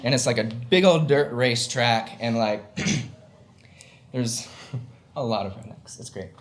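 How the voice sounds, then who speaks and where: A man's voice: medium pitch, slow. A young man spins a comic tale live on stage, his words loose and tumbling with "like" and "you know". He chuckles through the funny bits, and faint room noise sits under his voice. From Southern United States. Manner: chatty, filler-heavy, laughs while telling. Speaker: storyteller. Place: stage before a live audience.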